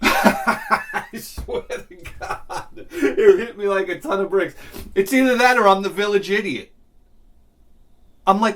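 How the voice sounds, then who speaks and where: A middle-aged man telling a rambling, self-mocking comic story with lots of swearing and loud bursts of laughter. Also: sits high, wildly swooping pitch, takes it slowly. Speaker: video game collector vlogger.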